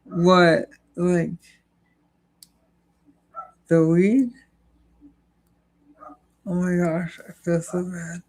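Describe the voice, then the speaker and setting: Young streamer, super slow and draggy, monotone, lots of likes and uhs, kinda worn out. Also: medium pitch, low-quality recording. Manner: slow, halting talk full of "like" and "uh" fillers. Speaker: livestreamer answering chat. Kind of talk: casual livestream chat.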